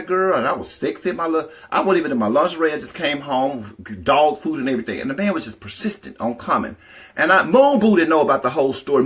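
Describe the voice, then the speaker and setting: A woman telling a personal story in a casual vlog, animated and profane, talking straight to her viewers. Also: deep voice.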